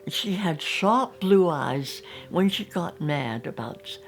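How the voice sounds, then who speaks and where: An older English woman recalls her childhood in a low, gravelly voice, lingering on her memories and slipping into little acted-out bits. Soft music plays faintly behind her. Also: takes it slowly. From England. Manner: reminiscing, animated, acting out scenes. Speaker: storyteller.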